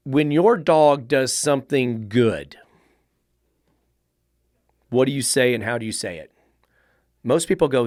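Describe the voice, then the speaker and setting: A man's voice: mid-range voice, lively intonation, measured pace, pauses often, darkish tone, no room sound. Blunt man in his middle years, dog trainer host, cusses, dry close sound. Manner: blunt, profane, fires rhetorical questions. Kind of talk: podcast monologue.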